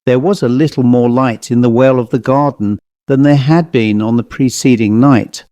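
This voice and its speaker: A man reading a ghost story aloud in a steady, measured way, close to the mic. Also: mid-range voice, dry recording. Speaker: audiobook narrator. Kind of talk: scripted ghost story narration.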